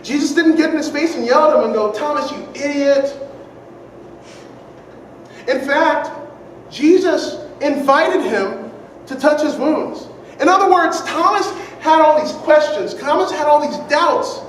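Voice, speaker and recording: A preacher with a high voice delivers an earnest sermon, driving points home through repetition and rhetorical questions. The sound is heavily echoey, picked up from a distance, with a faint hiss underneath. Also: normal speed. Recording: very echoey room, distant mic, faint noise.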